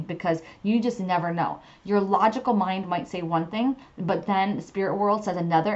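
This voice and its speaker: A woman's voice: on the low side, lo-fi sound. Chatty woman spiritual podcast host. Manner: chatty, frequent fillers like "you know". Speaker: podcast host and tarot reader. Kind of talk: casual spiritual advice and storytelling.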